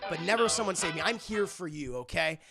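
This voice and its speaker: A man's voice: on the high side, expressive, fairly quick, creaky, bright, forceful tone, husky, soft background music, full character voice. A man voicing a friendly young male reindeer who gives rambling, earnest pep talks with swearing. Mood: reassuring.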